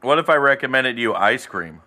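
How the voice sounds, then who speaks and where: A man's voice: mid-range voice, lively intonation, moderate pace, sharp tone. A man co-hosting a podcast, riffing in a sarcastic, joking manner. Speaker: podcast co-host. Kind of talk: casual chat.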